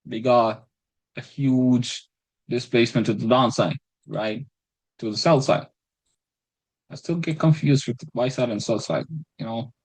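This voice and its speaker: A man's voice: mid-range voice, unhurried, long pauses, husky, no echo, poor audio. A man casually talking through his week's trades, rambling and self-deprecating, swearing and restarting his phrases. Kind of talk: casual screen-recorded trading breakdown.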